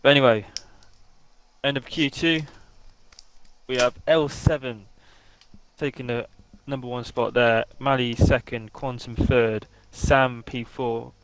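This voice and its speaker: A man co-commentating an online racing league, calmly reading out qualifying positions between casual banter. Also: medium pitch, clear, resonant tone, no echo, rough recording. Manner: relaxed, reads results lists steadily. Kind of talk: live race commentary on stream.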